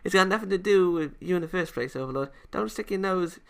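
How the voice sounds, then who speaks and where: A man's voice: high voice, lively intonation, fast talker, creaky, a bit bright, clean tone, pitched above the performer's own voice, full character voice. A man voicing a blunt, boyish young female karate fighter who scolds and gets flustered. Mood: flustered, scolding. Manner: scolding, flustered, calls people idiot.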